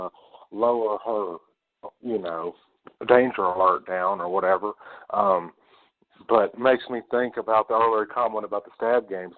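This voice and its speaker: A man hosting a podcast, retelling a film scene in a casual, profane, animated way. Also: on the low side. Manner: swears a lot, animated retelling. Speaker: podcast host. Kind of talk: casual movie discussion. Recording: tinny phone-like lo-fi audio.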